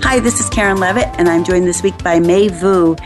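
A woman hosts a radio interview show and speaks in a lowish register. Faint music plays under her voice. She introduces her guest and encourages her to share. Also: fairly quick. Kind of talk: casual interview.

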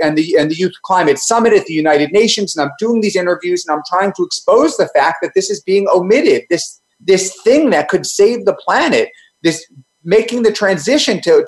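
A man speaking as a panel guest, often stumbling and restarting his sentences. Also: high voice. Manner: halting, repetitive restarts. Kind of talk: panel discussion.

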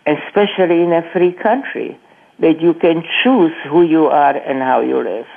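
An older woman, a guest on a radio interview, telling her life story in a halting, earnest way, repeating words and restarting sentences. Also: low voice, gravelly. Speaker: guest, Holocaust survivor speaking to students. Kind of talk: personal testimony in a radio interview. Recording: tinny phone-line radio audio.

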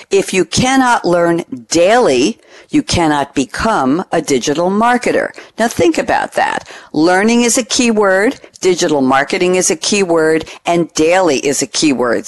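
A woman hosting a business radio talk show, emphatic and upbeat, spelling out names as she introduces guests. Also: lowish voice. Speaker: radio show host and moderator. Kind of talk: scripted radio show opening.

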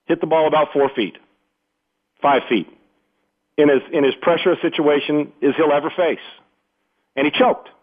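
A man's voice: fairly high pitch, normal speed, pauses often. A man hosting sports talk radio, rambling and emphatic, often repeating himself as he riffs. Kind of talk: unscripted sports radio commentary. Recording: phone-like narrow band radio audio.

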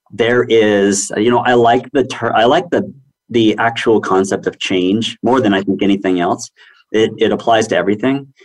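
A man's voice: fairly low pitch, poor audio. A man speaking as a panelist, talking through his point in a loose conversational way with restarts. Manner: rambling, many restarts. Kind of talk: conversational business discussion.

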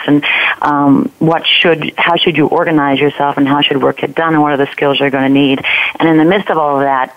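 Gravelly woman on a tinny phone line. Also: low-pitched. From Newfoundland, Canada. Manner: measured, with many ums and restarts. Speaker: guest consultant. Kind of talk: panel guest on call-in radio.

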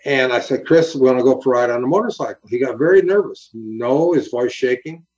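A man and former highway patrol officer telling a story in an interview, earnest and animated, acting out the quotes. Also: fast talker, highs cut off.

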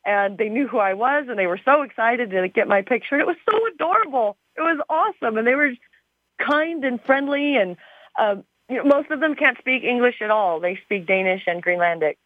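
A woman's voice: a little high, animated, fairly quick, no room sound. A woman from Arizona, a TV show star, chatting as a guest in an interview in a bubbly way with many fillers, heard over a tinny phone line. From Arizona, USA. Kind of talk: casual interview chat.

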